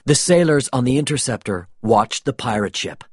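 A man reading a storybook aloud in a calm, measured way, with a husky voice. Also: medium pitch, dry recording, studio quality. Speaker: reader of a story. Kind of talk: scripted storybook narration.

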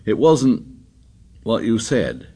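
A man voicing an anxious, stubborn schoolboy who speaks in a shrill, insistent, pleading way. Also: sing-song, takes it slowly, warm tone, breathy edge, heavily acted.

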